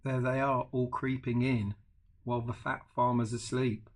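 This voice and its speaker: An older man, a grandfather, reading a picture book aloud to his grandchildren with animated asides. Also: medium pitch, normal speed. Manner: animated, adds chatty asides to the children. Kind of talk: bedtime storybook reading.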